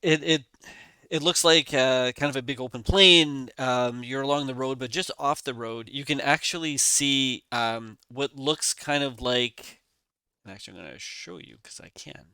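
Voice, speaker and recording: A man's voice: mid-range voice, steady tone, measured pace, pushed and bright, smooth, no echo. A man running a tabletop game as dungeon master, narrating in a rambling, hesitant way with many fillers, speaking over an online call.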